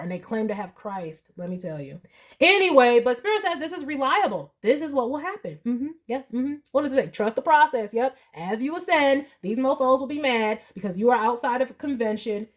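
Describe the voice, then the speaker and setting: A young woman giving a casual tarot reading, animated and profane, with loud high-pitched outbursts. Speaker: tarot reader.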